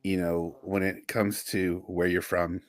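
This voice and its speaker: An American man co-hosting a podcast, speaking haltingly with many fillers. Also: low voice, little pitch movement, no room sound. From USA. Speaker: podcast co-host. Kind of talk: casual podcast chat.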